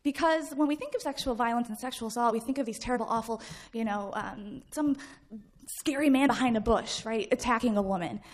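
A woman in her thirties from the American Midwest, a guest speaker telling a personal story to a live audience, acting out shouts and laughing along. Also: a little high, a little fast. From Midwest United States. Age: 30s.

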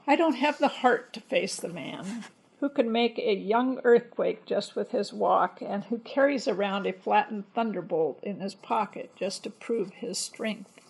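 A woman's voice: mid-range voice, creaky, breathy edge, rough recording. Finn, fearful giant , read by a woman. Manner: fearful, grumbling. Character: frightened Irish giant husband, fretful. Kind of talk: storybook reading.

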